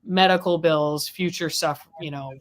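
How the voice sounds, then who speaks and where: A woman's voice: deep voice, steady tone, measured pace. A woman hosting a casual talk about a court trial, chatty and rambling with frequent restarts, speaking over a video call. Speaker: legal affairs host.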